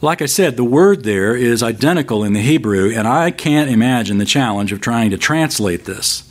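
A man preaching a sermon as a pastor, expressive, slowing down for emphatic scripture reading. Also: medium pitch.

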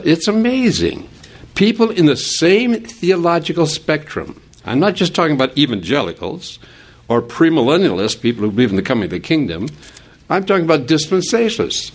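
Animated older male Bible teacher. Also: medium pitch. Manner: animated and digressive, with chuckles. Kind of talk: classroom Bible lesson.

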